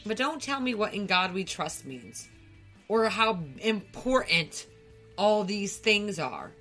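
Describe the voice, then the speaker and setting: A woman's voice: medium pitch, very animated, slow, a bit bright, soft background music. A woman from the United States co-hosting a podcast, talking in a heated, profane, emphatic way. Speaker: podcast co-host. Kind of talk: angry rant on a podcast.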